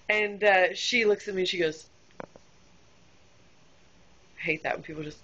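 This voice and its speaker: A woman's voice: lowish voice, fast, hardly any pauses, a bit bright. A woman who works as a restaurant server tells a story about a difficult customer in a candid, exasperated way, with lots of fillers. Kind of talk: casual storytelling vlog. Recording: dull lo-fi home recording.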